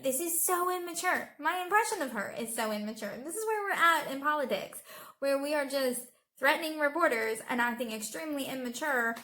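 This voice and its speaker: A high-pitched woman's voice talks straight to her viewers in a loose, chatty commentary. She is sarcastic and exasperated, and she throws pointed asides at the person she is discussing. Her delivery is casual and conversational. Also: animated, brisk, sharp tone. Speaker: YouTube commentator.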